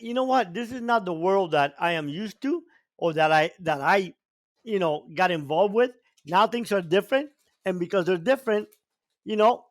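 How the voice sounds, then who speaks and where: High-voiced older man from Cuba. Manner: emphatic, repeats words for stress. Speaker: podcast guest. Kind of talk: storytelling in an interview.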